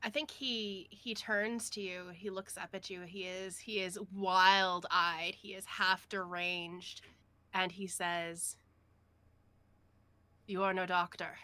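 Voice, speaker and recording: Woman game master narrating a tabletop scene, bright, lively. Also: on the low side, slow, dry recording. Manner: lively, descriptive.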